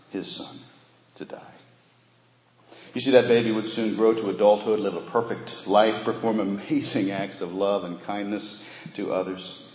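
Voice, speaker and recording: A very low-voiced man preaches a sermon, pressing his points with rhetorical questions and slow, emphatic repetition. His voice rings through a large reverberant hall. Faint room ambience sits underneath. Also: darkish tone. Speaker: pastor.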